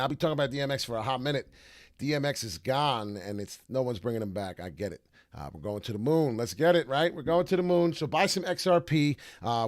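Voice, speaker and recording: A man's voice: fairly high pitch, no room sound, studio quality. A man streaming crypto chart talk in a brash, slangy, rambling way with many filler uhs. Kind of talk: casual live commentary.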